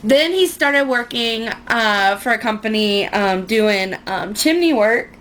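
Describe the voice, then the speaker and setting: A young woman with a drawl talks her way through a makeup routine, her voice sitting a little high. She rambles, pokes fun at herself, and drifts off on side stories. There's a faint hiss of background noise under her. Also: expressive, slow, a bit bright. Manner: chatty, rambling, self-mocking with frequent laughs. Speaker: beauty vlogger. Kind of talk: casual makeup tutorial chat.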